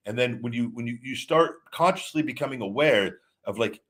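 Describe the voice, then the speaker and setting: A man's voice: mid-range voice, a little fast, hardly any pauses, fairly bright tone. A man hosting a livestream, talking casually and rambling, with lots of repeated words and restarts as he answers viewer chat questions. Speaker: podcast host.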